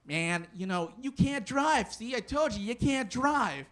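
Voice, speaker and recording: A man voicing an angry, jobless middle-aged man who shouts taunts. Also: extremely high pitch, lively intonation, a little slow, pitched above the performer's own voice, heavily acted. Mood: taunting.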